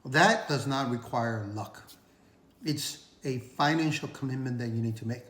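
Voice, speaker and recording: A man talks straight to his viewers about money habits, earnest and conversational, leaning on repeated words for emphasis. His voice sits at an ordinary middle pitch. The recording has a noticeably roomy echo. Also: unhurried, a bit bright. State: recovering from illness. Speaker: finance vlogger. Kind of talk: casual talking-head advice.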